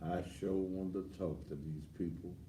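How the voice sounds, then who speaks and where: A man's voice: low-pitched, fairly even intonation, normal speed, roomy sound, a little hiss or hum. Boisterous man ranting from a distance. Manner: boisterous and rambling, with sudden loud outbursts. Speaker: host. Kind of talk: ranting live commentary.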